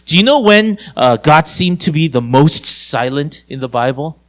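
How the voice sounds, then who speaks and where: A male pastor preaching a sermon in a conversational way, talking to his listeners directly and moving between raised emphasis and hushed, low tones. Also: animated, moderate pace, few pauses. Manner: conversational, addresses listeners as "you guys".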